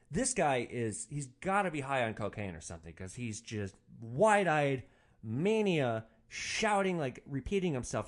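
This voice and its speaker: A man hosting a podcast, telling a story about his rideshare driving in a casual, animated way and swearing freely. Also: mid-range voice. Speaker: podcast host, rideshare driver.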